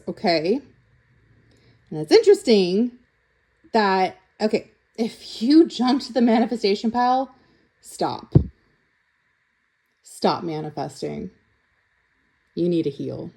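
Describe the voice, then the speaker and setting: A woman's voice: fairly low pitch, dark tone. A young woman doing a casual tarot reading to camera, blunt and teasing, who keeps checking in with "okay?". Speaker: tarot reader.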